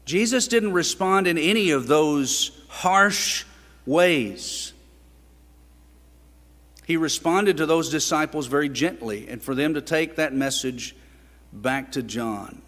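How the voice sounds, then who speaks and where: A man's voice: a little high, slow pace, a bit bright. A man preaching a sermon in a church, earnest and building up to emphatic rhetorical questions. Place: church sanctuary. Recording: long reverb of a church sanctuary.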